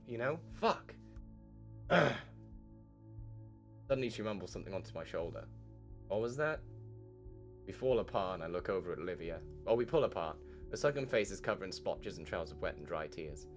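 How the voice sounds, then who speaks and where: A male game streamer with a low voice that swings widely as he reads a visual novel aloud. He keeps cutting in with his own reactions and casual swearing, and his delivery stays lively throughout. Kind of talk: reading a visual novel aloud with live commentary.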